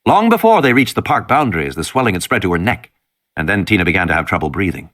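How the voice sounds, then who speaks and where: A man narrating an audiobook in an expressive, dramatic way. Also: low voice, fast.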